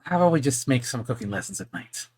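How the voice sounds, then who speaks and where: A woman in a casual role-play chat, calm and matter-of-fact with a gently teasing manner. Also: very deep voice, fast talker, background noise. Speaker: player and co-host.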